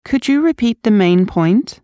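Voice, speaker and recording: A woman reading short English practice sentences, carefully and clearly, with a lift on polite requests. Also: medium pitch, lively intonation, a little slow, warm tone, no room sound, studio quality.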